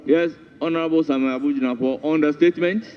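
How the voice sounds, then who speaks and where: A man with a Ghanaian English accent chairing a parliamentary sitting, measured and authoritative in formal address. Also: on the high side, fairly even intonation, slight background noise. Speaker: parliamentary speaker presiding. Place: large parliamentary chamber. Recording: dull broadcast feed, long chamber reverb.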